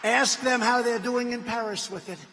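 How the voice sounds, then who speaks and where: A man's voice: very high voice, fairly even intonation, normal speed, sharp tone, a faint crowd, slight background noise. A man giving a boastful, emphatic campaign rally speech in a large arena, with mocking asides. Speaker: political speaker at a rally. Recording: long reverb of a big arena.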